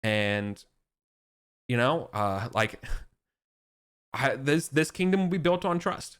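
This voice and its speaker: A man's voice: mid-range voice, expressive, slow, a bit bright, clear, resonant tone, pitched above the performer's own voice. A man playing a drunk, temperamental king who talks in exasperated slang. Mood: angry.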